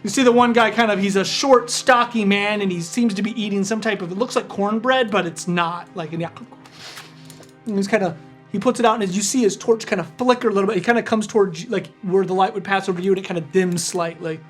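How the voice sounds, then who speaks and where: Male game master, high-pitched, chatty scene-setting narration. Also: fast talker, a bit bright, soft background music. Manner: descriptive, searching for words.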